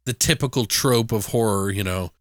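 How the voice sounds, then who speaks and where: Man, casual podcast co-host, lively retelling, swears a bit, dry close mic. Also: normal speed, no echo. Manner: animated retelling, jumps into high-pitched impressions of characters. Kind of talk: casual movie review chat.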